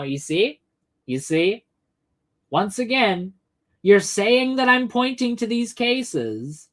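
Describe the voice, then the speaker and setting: A woman hosting a livestream, delivering an angry, profane and sarcastic political rant while addressing chat commenters by name. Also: mid-range voice. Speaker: livestream host answering chat.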